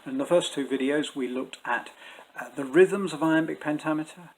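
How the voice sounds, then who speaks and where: A man teaching Shakespeare's verse in a measured, explanatory way, pausing to think as he goes. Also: a little high, a little hiss or hum, poor audio. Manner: measured and explanatory, with thoughtful pauses and fillers. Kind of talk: spoken lesson to camera.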